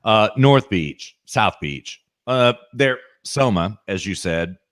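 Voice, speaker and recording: Male podcast co-host, slow and insistent, speaks straight to the listener. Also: lowish voice, lively intonation, a bit bright. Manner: emphatic, keeps asking "okay?" and addresses the listener directly. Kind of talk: opinionated podcast talk.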